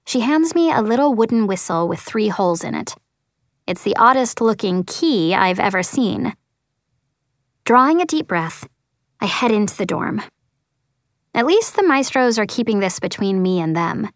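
A woman's voice: mid-range voice, animated, moderate pace, no room sound, clean studio sound. A woman reading a first-person story as an audiobook narrator, earnest and lightly voicing the dialogue.

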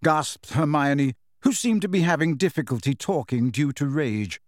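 A man narrating a story in a measured storytelling manner. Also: on the high side. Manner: measured storytelling with shifting character voices. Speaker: audiobook narrator. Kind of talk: scripted narration.

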